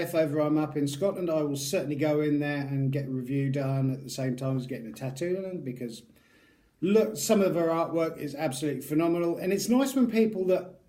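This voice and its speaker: A man's voice: fairly high pitch, dark tone. A man giving a rambling, jokey unboxing review of a tattoo aftercare product, talking straight to his viewers. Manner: rambling, chatty, jokey asides.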